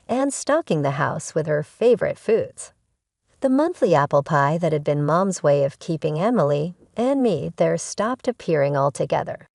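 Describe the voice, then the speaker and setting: Woman telling a reddit-style family story, deep gravelly voice, pitch all over the place. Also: a little mellow, dry recording, clean studio sound. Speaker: narrator. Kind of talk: first-person story narration.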